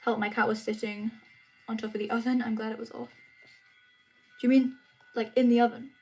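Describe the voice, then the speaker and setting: Chatty teenage girl, slightly high voice. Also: level tone, fairly quick, darkish tone, faint music behind. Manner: chatty, giggly, restarts often. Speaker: livestream host. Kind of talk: casual livestream chat reading comments. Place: home room.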